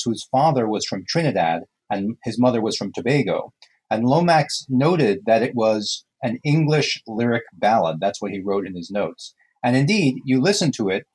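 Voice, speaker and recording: A man's voice: mid-range voice, husky, low-quality recording. A male co-host explaining things in an enthusiastic, casual podcast style. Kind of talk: casual podcast talk about folk songs.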